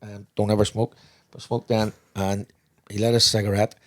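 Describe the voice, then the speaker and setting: A man's voice: lowish voice, little pitch movement, moderate pace. A man co-hosting a podcast, telling rambling anecdotes in casual chat and swearing freely. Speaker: podcast co-host, father.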